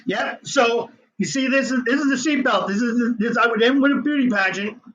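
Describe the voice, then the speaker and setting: A middle-aged man, an inventor telling his story as an interview guest in an excitable, hyper way. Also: very high voice, brisk, muffled recording, slight background noise.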